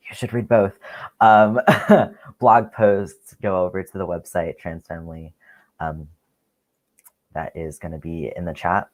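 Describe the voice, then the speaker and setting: A man with a very low voice hosting a live stream from a video call. He thanks and praises his guests in a halting, encouraging way. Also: a little mellow. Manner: encouraging, with frequent "um"s. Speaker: host.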